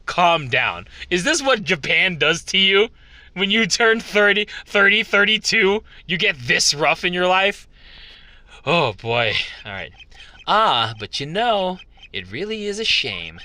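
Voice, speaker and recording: A man giving casual, chatty gameplay commentary, animated and quick to laugh. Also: sits high, no room sound. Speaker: game video host.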